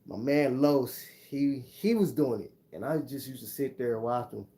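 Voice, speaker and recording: A man's voice: medium pitch, moderate pace. Man telling a story in casual slang. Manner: laid-back slang, animated retelling. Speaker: vlogger.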